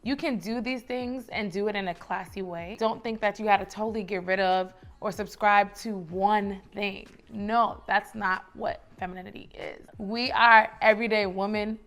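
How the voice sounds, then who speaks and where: A woman's voice: medium pitch, fairly bright tone. A young woman from the Bronx with a New York accent, giving casual lifestyle advice in a chatty, emphatic way. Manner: chatty, emphatic, repeats phrases for rhythm. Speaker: lifestyle vlogger.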